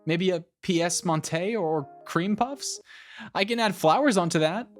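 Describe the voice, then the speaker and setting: A shrill, wailing entitled bride. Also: male voice, measured pace, soft background music. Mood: indignant whining. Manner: wailing, indignant, dragged-out words. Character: shrill sobbing young bride, demanding and entitled.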